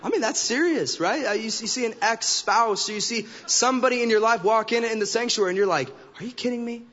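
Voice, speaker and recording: Guest preacher, male, slightly high voice; emphatic, repeats phrases; dull recording in a sanctuary. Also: fairly quick, bright, forceful tone. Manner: emphatic, acts out quoted remarks in character voices. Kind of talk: sermon. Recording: dull recording with long hall reverb.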